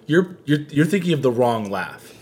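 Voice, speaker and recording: A man's voice: medium pitch, very animated, normal speed, breathy edge. A man co-hosting a casual podcast chat, grumbling dryly and picking at the exact meaning of words. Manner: dry, pedantic, grumbling. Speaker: podcast co-host.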